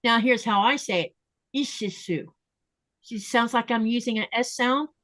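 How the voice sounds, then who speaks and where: A woman hosting a casual podcast chat, talking easily and slowing down to spell out how words are said. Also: on the high side, fairly even intonation, fairly bright tone, no room sound. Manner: chatty, explains pronunciation slowly and repeats words. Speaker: podcast host.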